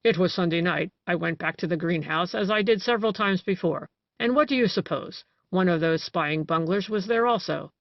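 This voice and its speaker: A cunning, boastful male detective, put on by an audiobook reader, savoring every detail of his tale. The voice is mid-pitch, recorded dry and slightly dull. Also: moderate pace, creaky, no echo, natural voice.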